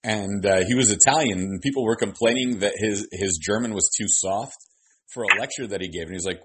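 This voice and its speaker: A man interviewing a guest in relaxed, conversational chat, telling his own anecdotes along the way. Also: sits low, fairly quick, slight background noise. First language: Arabic.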